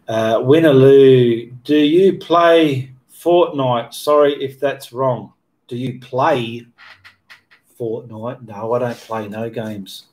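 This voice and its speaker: A man's voice: medium pitch, steady tone, takes it slowly, a little mellow. A man hosting a casual livestream Q&A for his painting channel, reading viewer comments aloud and answering them in a rambling, self-correcting way. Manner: rambling, stops to correct himself mid-sentence. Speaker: art channel host answering live chat.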